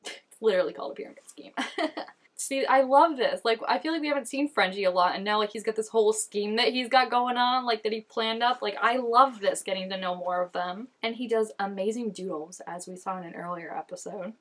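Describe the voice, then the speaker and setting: A woman in her twenties giving chatty, animated reaction commentary while watching an episode, with lots of "like" fillers. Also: mid-range voice, brisk. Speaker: reaction channel host.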